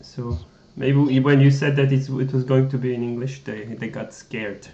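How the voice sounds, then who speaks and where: A man's voice: mid-range voice, little pitch movement, normal speed, vocal fry, warm tone. A man from France with a French accent, co-hosting a chess live stream in English, with frequent laughs and a playful, teasing manner. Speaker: chess coach and co-host. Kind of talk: casual live-stream chat. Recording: roomy, dull lo-fi stream audio.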